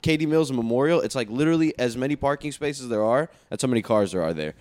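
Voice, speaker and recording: A man's voice: medium pitch, animated, quick pace, darkish tone. A young man in casual, profane chat, telling stories and laughing.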